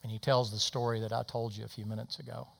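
A man's voice: medium pitch, flat delivery, fast talker, gravelly. A man preaching a sermon, telling a story in a folksy, plain way. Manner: folksy storytelling with dialect words.

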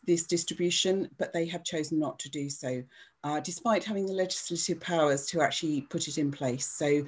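A woman council official explaining a policy issue in a measured interview clip. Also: low-pitched, a little mellow, husky.

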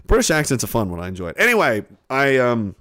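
A man's voice: medium pitch, huge pitch swings, normal speed, a bit bright. A man hosting a reaction video, rambling and joking with casual profanity.

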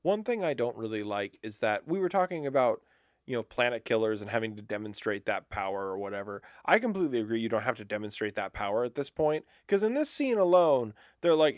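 A man co-hosting a podcast, chatting casually about movies in an animated way and laughing often. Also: medium pitch, no room sound, studio quality. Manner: animated, laughs often, slips into quick impressions. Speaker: podcast co-host. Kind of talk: casual movie commentary chat.

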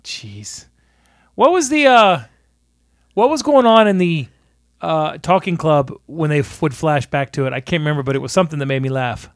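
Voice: mid-range voice, brisk, dry recording, studio quality. A podcast co-host chatting casually about a movie with wry, sarcastic remarks and casual swearing. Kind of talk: casual movie-review chat.

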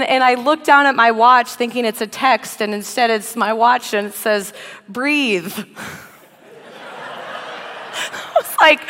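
Woman, thirties, sermon with funny stories, laughs often, mid-pitched voice, echoing hall. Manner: animated storytelling, self-deprecating humor, laughs often. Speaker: preacher. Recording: long reverb of a big hall.

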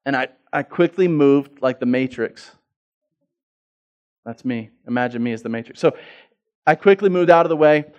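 A middle-aged man, a pastor, preaching a sermon, telling stories with repeated words and restarts, swinging from loud to hushed. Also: medium pitch, moderate pace, long pauses, clean tone, lo-fi sound.

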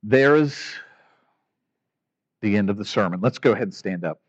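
A man preaching a sermon in a conversational way, asking rhetorical questions and rising to loud, emphatic peaks. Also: on the low side, normal speed, no room sound, highs cut off. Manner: animated, rising to near-shouting emphasis. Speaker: pastor.

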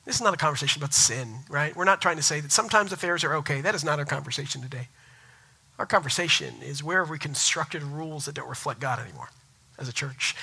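A man's voice: a little high, creaky, sharp tone, husky, poor audio. A man in his thirties preaching a sermon, telling stories with self-mocking humor. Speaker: pastor.

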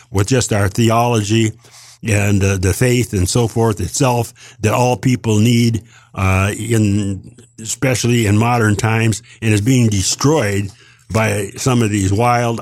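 A man's voice: fairly low pitch, no room sound. An older man delivering a heated, rambling opinion monologue as a podcast co-host, emphatic and indignant, with frequent restarts.

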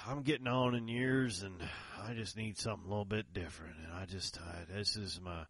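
A man's voice: fairly low pitch, steady tone, normal speed, fairly bright tone, breathy edge, no echo, studio quality. A man voicing a folksy older Southern gun seller with a Texas drawl, genial and drawling.

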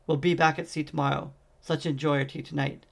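A man reading the lines of a gentle, dying young daughter in a soft, tender way. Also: on the high side, level tone, fairly quick, vocal fry.

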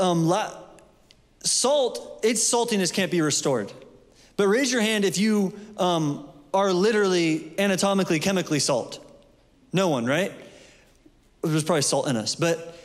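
High-voiced male preacher in a reverberant hall. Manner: conversational, loose with fillers and restarts. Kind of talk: sermon.

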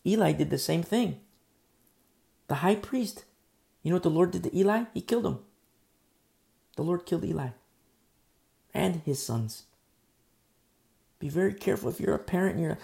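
A man delivers a sermon with a gravelly edge to his voice. He preaches bluntly and emphatically, breaking into conversational asides. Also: fairly high pitch, unhurried, long pauses, mellow. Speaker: pastor.

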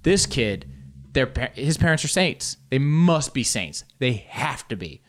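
Chatting to camera a little slowly, a young man with a medium-pitched voice keeps things animated and playful. His running joke is about how much he talks with his hands.

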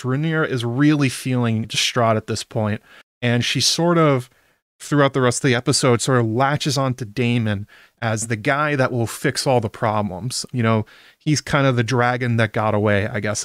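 A man's voice: mid-range voice, smooth, no echo. Chatty man live-streaming in a dry room. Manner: chatty, self-interrupting, laughs often. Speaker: streamer recapping a TV episode. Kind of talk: casual live-stream chat.

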